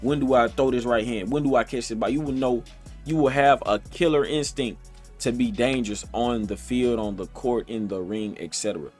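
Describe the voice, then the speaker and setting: A man's voice: mid-range voice, normal speed, soft background music. A man vlogging straight to his viewers in an emphatic, repetitive, streetwise way, with a streaming setup on his computer. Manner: colloquial, streetwise phrasing. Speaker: motivational vlogger. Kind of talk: casual direct-to-camera talk. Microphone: streaming setup, computer recording.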